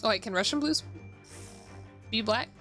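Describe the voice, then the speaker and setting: A young woman streaming a video game, reading its dialogue aloud and reacting loudly, with exasperated outbursts and swearing. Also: on the high side, expressive, moderate pace. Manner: loud exasperated reactions, swearing, frequent laughter. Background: background music.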